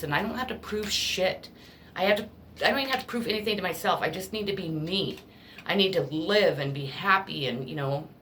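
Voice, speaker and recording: A woman's voice: deep voice, a bit bright, a little hiss or hum. A woman reading tarot cards in a casual spiritual pep talk, earnest and emotional, blunt and ready to swear. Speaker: tarot card reader.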